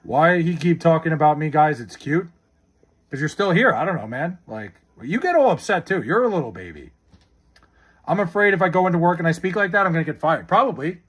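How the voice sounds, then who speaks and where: Profane, animated young male streamer. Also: fairly high pitch, fairly quick, breathy edge. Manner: blunt and profane, swears often, answers chat questions. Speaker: streamer reading chat. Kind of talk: casual live-stream chat.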